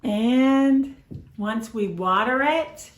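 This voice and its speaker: A woman kindergarten teacher speaking gently and coaxingly to young children, with a sing-song lilt. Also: a little high, drawn-out words, reverberant. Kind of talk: teaching kids over video.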